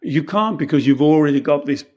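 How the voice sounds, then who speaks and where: A man's voice: on the high side, expressive, fairly quick, darkish tone, dull audio. A middle-aged man in a casual teaching conversation, explaining patiently and earnestly, often acting out the lines he quotes. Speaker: Taoist teacher and podcast host.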